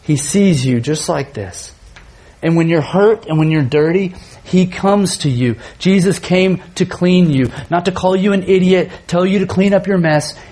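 Male youth preacher, thirties, high-pitched, earnest sermon delivery with soft tender passages. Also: normal speed, few pauses. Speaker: youth pastor.

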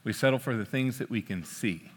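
A man in his thirties preaching a sermon, telling a story in a relaxed, joking way with frequent "uh" fillers. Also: mid-range voice, a little fast, slightly rough. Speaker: pastor. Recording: long hall reverb.

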